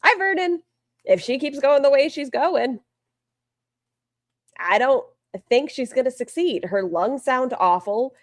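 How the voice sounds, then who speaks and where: A woman's voice: sits high, lively intonation, measured pace, long pauses, dry recording, clean studio sound. A woman co-hosting a live reaction stream, chatting casually with sarcastic jokes. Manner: sarcastic, joking. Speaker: co-host.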